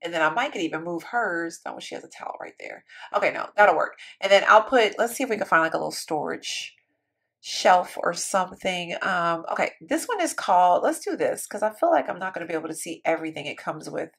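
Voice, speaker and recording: A woman's voice: fairly low pitch, animated, brisk, gravelly, a bit bright, slightly rough. A woman giving casual, chatty commentary while building in a life-sim game, thinking aloud and talking to her viewers. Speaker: Sims building YouTuber.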